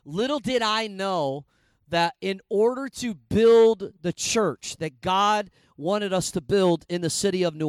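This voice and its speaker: A middle-aged man from Indiana, a pastor telling a personal story in a sermon, animated and conversational with frequent fillers. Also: sits high, no echo.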